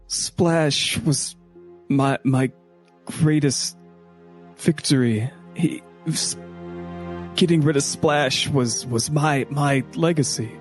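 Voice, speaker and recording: A man voicing a furious old grandfather, a retired superhero, who shouts threats. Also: fairly high pitch, slow pace, long pauses, soft background music, pitched above the performer's own voice. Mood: shaken. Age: older.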